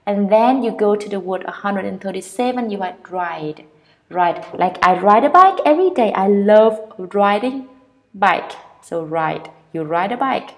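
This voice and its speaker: Vietnamese-accented woman teacher, unhurried delivery, models each word again and again for a pronunciation class. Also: medium pitch, animated. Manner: repeats each word slowly, drawing out vowel sounds. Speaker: English teacher. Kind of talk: pronunciation lesson.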